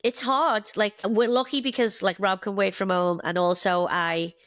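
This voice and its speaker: A woman in her forties from Liverpool with a Scouse accent, telling lively stories as a podcast guest, laughing often and acting out what people said. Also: mid-range voice, normal speed, dry recording, clean studio sound. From Liverpool, England. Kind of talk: casual storytelling.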